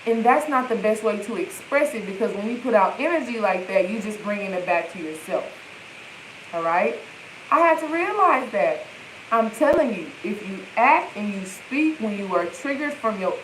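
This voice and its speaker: A woman's voice: a little high, echoey room, a little hiss or hum, rough recording. A woman healing coach, livestreaming from her phone and speaking in emphatic, repetitive affirmations. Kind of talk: live-stream self-help talk.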